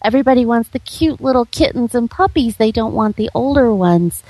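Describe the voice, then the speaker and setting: A woman hosting a radio talk show, chatting casually and warmly affirming her guest. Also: on the high side, brisk, no room sound, poor audio. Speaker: radio host. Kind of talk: casual chat.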